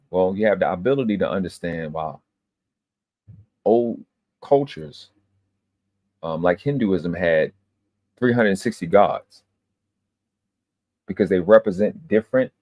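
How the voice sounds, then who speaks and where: A man's voice: on the low side, no room sound, lo-fi sound. A man hosting a live stream, holding forth in an emphatic, lecturing way with plenty of swearing. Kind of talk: casual profane monologue.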